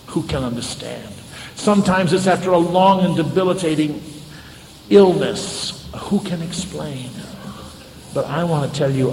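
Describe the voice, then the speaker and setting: A man preaching a sermon, telling a story dramatically and moving from loud passages to hushed ones. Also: fairly high pitch, a little hiss or hum. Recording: echoey hall with faint ambience.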